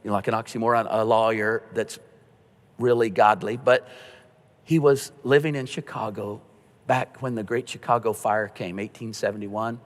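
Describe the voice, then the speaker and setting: A middle-aged man preaching a conversational sermon as a pastor, earnest and storytelling, going hushed at tender moments. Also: on the low side, steady tone, normal speed. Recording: long reverb of a church hall.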